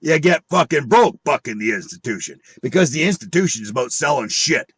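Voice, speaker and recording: A man's voice: medium pitch, lively intonation, fairly quick, a bit bright, breathy edge, dry recording. A man on an angry monologue full of swearing and rhetorical questions. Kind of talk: angry profane rant.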